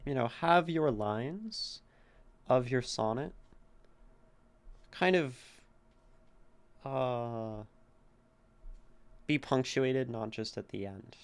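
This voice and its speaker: A man's voice: medium pitch, very slow, long pauses. A man streaming a casual poetry critique, thinking aloud and sounding out the stresses of words. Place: home streaming setup.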